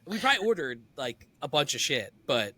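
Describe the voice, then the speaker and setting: A man's voice: fairly high pitch, a little fast, slight background noise. A man co-hosting a podcast, telling stories in casual banter and laughing often. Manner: animated storytelling, laughs often. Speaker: podcast co-host.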